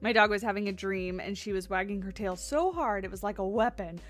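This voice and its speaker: A woman's voice: medium pitch, fairly quick, faint music behind. A woman livestreaming a game from her home office, chatting casually and cooing at her dogs. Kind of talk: casual livestream commentary while playing. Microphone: USB condenser desk mic.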